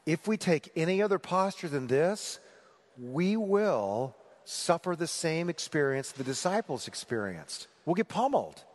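Male pastor, higher-pitched, very lively delivery, sermon with long hall reverb. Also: unhurried. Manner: animated, rhetorical questions to the congregation.

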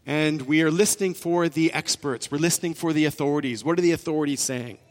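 A man's voice: a little high, fast. Preaching man in a reverberant church hall. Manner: earnest, repetitive preaching with frequent restarts. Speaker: pastor. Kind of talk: sermon.

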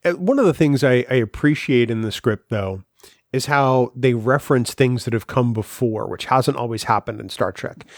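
A man's voice: medium pitch, moderate pace, no echo, studio quality. A man co-hosting a podcast, talking through an episode's writing in a thoughtful, analytical way. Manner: thoughtful, analytical, with some restarts. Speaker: podcast co-host. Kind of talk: casual chat.

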